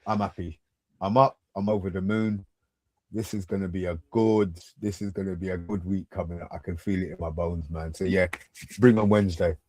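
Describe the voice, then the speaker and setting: A man's voice: low voice, fairly even intonation, normal speed, a little mellow, dry recording. A man co-hosting a casual football fan podcast, laid-back and laughing easily, saying "man" and "listen". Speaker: podcast co-host.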